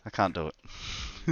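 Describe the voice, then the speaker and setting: A man's voice: fairly high pitch, fairly bright tone, muffled recording. Laid-back man streaming. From Australia. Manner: slow, laid-back, talks to chat while working. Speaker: game streamer. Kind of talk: casual live-stream chat while building in a game.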